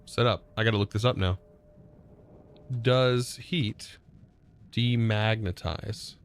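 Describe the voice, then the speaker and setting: A man's voice: lowish voice, steady tone, takes it slowly, clean tone. A man with a Southern US accent chatting casually on a live game stream, reading chat aloud and laughing often.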